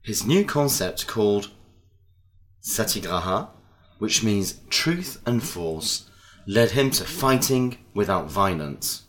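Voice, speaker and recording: A man reading scripted lesson narration and word lists in a slow, deliberate way. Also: fairly low pitch, expressive, a bit bright. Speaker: narrator of language-lesson audio.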